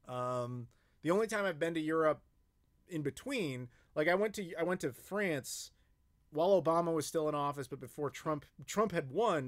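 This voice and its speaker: An American man hosting a casual live-stream Q&A, rambling with frequent fillers and profanity. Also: fairly high pitch. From United States. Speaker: YouTube host answering live chat questions.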